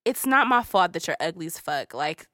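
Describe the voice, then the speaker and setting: Bright-voiced woman ranting bluntly. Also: lowish voice, sing-song, moderate pace, no echo, studio quality. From United States. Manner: blunt, profane ranting with lots of "like". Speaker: podcast co-host. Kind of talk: casual chat.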